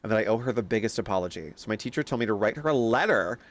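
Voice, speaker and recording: Lively young man chatting on stream. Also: on the low side, racing. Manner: animated storyteller, reacts to chat, swears freely. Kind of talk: casual chat while livestreaming a game.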